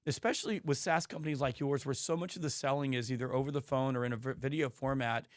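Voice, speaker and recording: A man hosting a podcast interview, hoarse, talking emphatically and telling stories with frequent restarts. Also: medium pitch, steady tone, fast talker, no echo, studio quality. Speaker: podcast host. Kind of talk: casual interview chat.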